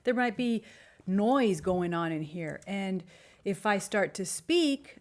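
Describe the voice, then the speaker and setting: Woman, average pitch, casual chat, frequent short affirmations. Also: animated, slow. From Mexico. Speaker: podcast co-host, missionary. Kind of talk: casual faith podcast chat.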